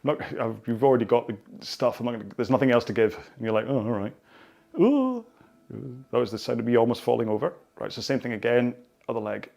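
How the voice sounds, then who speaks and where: A man's voice: medium pitch, little pitch movement, fast, creaky, darkish tone. A man with a Scottish accent leading a follow-along stretching cooldown, chatting in a rambling, jokey way. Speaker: fitness instructor.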